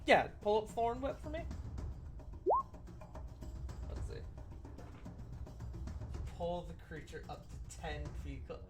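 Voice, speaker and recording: A man narrating a tabletop game as game master, animated and laughing often, jumping into loud character quotes. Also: sits high, takes it slowly, pauses often, soft background music.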